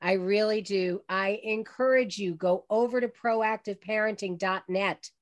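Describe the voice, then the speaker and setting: A woman's voice: mid-range voice, measured pace. Older woman radio host telling stories. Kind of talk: online radio interview.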